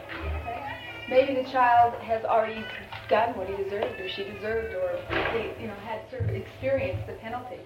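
A woman's voice: fairly high pitch, normal speed. A woman leading a live seminar on family communication, talking with her audience in a conversational way and acting out quoted family scenes. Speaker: seminar leader. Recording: echoey lo-fi room recording with faint hiss.

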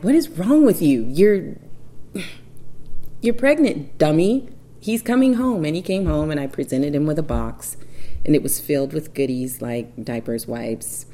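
A woman in her thirties casually telling a personal story, acting out the dialogue with animated bursts. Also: extremely low pitch.

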